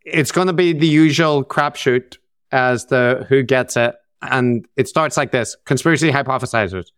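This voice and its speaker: A man's voice: mid-range voice, normal speed, fairly bright tone, smooth, no echo, studio quality. A man with a Northern Irish accent co-hosting a podcast, teasing in a wry, casual chat and reading out lists of supporter names. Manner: wry, teasing, reads long name lists. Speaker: podcast co-host.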